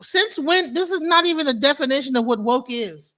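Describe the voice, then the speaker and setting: A woman reacts to clips on her stream in loose, animated commentary. Her voice sits high and sounds bright and forceful, and her disbelief comes through as she talks straight to her viewers. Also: fairly quick. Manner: animated, incredulous, talks to viewers as "bro" and "y'all". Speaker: stream host.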